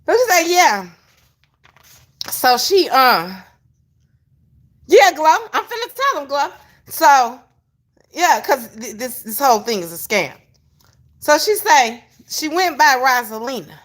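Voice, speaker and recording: A woman's voice: sits high, very animated, slow pace, pauses often. A woman giving casual livestream commentary, talking straight to her viewers and breaking into fits of laughter. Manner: addresses viewers as y'all. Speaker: online commentator.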